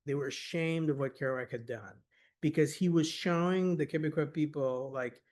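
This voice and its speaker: Man, fairly high voice, guest academic speaker, eager and chatty, piles up fillers. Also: a little mellow. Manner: enthusiastic, rapid, full of "like" and "you know". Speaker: guest speaker at a scholarly workshop. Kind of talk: animated conversational lecture.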